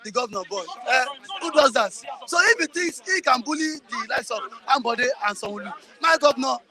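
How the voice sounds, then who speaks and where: A Nigerian man arguing politics forcefully, talking over others and repeating himself. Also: very high-pitched, expressive, brisk. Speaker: interviewee. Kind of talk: heated political argument.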